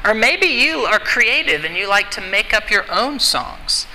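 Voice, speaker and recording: Earnest male preacher, very bright tone, sermon in a reverberant sanctuary. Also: high voice, big pitch swings, a little slow, a little hiss or hum. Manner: earnest exhortation, repeating key phrases. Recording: long hall reverb, faint ambience.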